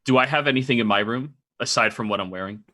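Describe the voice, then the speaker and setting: A man's voice: medium pitch, fast talker, pushed and bright. A man playing in a tabletop game, chatting casually and plainly. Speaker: player.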